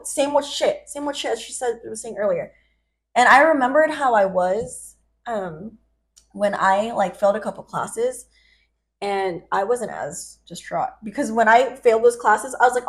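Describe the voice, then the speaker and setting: Animated high-voiced young woman telling a story. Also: normal speed. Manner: animated storytelling, acts out quotes, swears freely. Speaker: podcast co-host. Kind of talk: casual chat.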